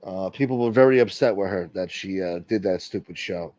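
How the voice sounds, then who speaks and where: A man's voice: low voice, brisk, a little mellow, dry recording. A man hosting a casual livestream, reading out chat and rambling crudely with lots of swearing.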